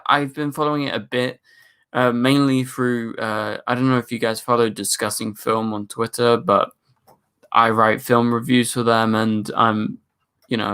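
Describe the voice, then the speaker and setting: A man's voice: medium pitch, sharp tone, smooth. A young man hosting a casual live stream, chatting, joking and reading viewer comments aloud.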